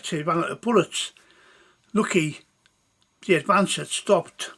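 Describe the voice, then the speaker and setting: A man telling a war story in a slow, halting way. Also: sits high, a bit bright.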